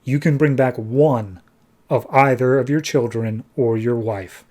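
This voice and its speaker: Male reviewer as a curt, flippant deity in dog form, mellow, low-key. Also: a little slow, close to an everyday voice. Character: offhand, bossy God in a little dog's form.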